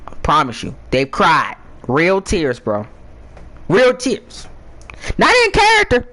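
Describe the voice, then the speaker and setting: A young man talks casually to his viewers with a lively, swooping pitch. He rambles, repeats himself and restarts his sentences often. His tone is playful and teasing. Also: slow, rough recording. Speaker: gaming YouTuber. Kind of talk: casual advice chat to viewers.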